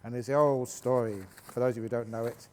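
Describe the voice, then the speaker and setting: A man, a meditation teacher, answering questions at a retreat in a jokey, animated storytelling manner. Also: mid-range voice, fast talker. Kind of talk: retreat Q&A talk. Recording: reverberant hall.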